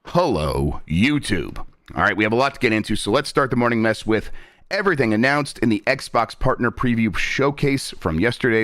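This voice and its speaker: A man's voice: medium pitch, expressive, moderate pace, fairly bright tone, no echo, clean studio sound. A man hosting a gaming podcast, chatting casually with many restarts, then reading a scripted intro. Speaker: podcast host.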